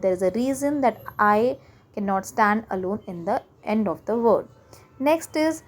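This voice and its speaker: A woman's voice: a little high, darkish tone. Woman patiently teaching phonics. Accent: Indian English. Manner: explains step by step, repeats example words slowly with hesitant fillers. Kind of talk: online lesson explaining spelling sounds.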